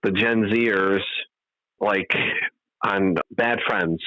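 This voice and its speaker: A low-voiced man co-hosting a podcast, talking bluntly and swearing his way through a rant. His tone is bright and edgy, and the recording is dry and close, with a slightly dull, muffled sound. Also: steady tone, extremely slow, no echo. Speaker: podcast co-host. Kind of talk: casual chat.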